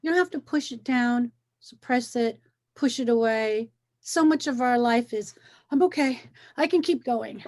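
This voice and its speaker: A woman coaches in a gentle, encouraging way, often circling back and repeating her phrases. Her voice sits a little high. She talks like a host in a relaxed wellness conversation. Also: unhurried.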